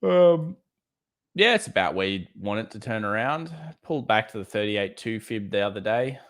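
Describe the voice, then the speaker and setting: Blunt, casual Australian man, lower voice. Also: lively intonation, moderate pace, fairly bright tone. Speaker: trading livestream host. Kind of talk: live market commentary reading chat.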